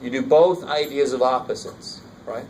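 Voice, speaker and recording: A man's voice: mid-range voice, moderate pace, darkish tone, recorded from a distance. A man teaching a college math class in a casual, engaged way, often checking that students are following along. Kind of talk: classroom lecture. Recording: roomy classroom recorded from afar, faint noise.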